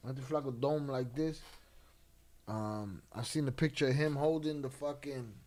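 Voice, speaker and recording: A man hosting a casual late-night livestream, laid-back and slang-heavy, reading chat and giving shout-outs. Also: medium pitch, moderate pace. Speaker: livestream host.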